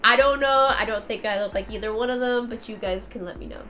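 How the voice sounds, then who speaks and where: A woman's voice: medium pitch, steady tone, fast, a bit bright, slight background noise. A woman game streamer with a stuffed-up nose, chatting casually and rambling with frequent laughs while she plays. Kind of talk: casual gameplay commentary.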